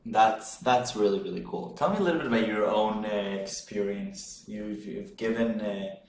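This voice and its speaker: Male podcast host, lowish voice, halting repeated starts, roomy echo with faint hiss. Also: a little mellow. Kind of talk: interview questions. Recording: echoey room with faint noise.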